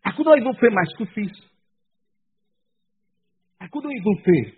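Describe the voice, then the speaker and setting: A man's voice: high-pitched, expressive, a little slow, breathy edge. A man with a Nigerian accent preaching a sermon as a pastor, passionate, with personal stories and pidgin asides. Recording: tinny phone-like recording.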